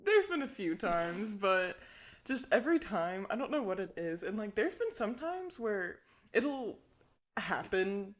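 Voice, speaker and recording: A woman's voice: medium pitch, big pitch swings, unhurried. A young woman co-hosting a podcast, chatting candidly and laughing often. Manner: laughs often, candid, acts out her inner voices. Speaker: podcast co-host. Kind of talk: casual podcast chat.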